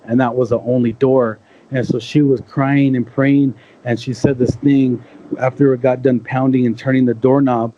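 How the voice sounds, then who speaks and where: A man's voice: mid-range voice, dark tone. A young man telling a long eerie story in a casual, rambling way, full of restarts and asides. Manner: rambling, with many restarts and fillers like "you know". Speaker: podcast guest telling encounter stories. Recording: slightly dull lo-fi sound.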